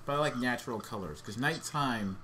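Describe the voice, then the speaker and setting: A man's voice: medium pitch, fairly quick, sharp tone, slight background noise. A man casually commenting on his own video, joking and swearing while he explains his filmmaking choices. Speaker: video creator giving commentary.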